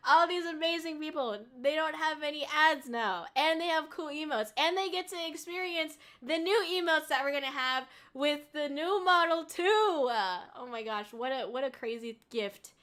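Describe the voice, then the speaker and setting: A young woman streaming live, chatting casually with viewers, rambling and swearing often, and shrieking with excitement when she thanks them. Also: high voice, normal speed, few pauses. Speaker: VTuber streamer.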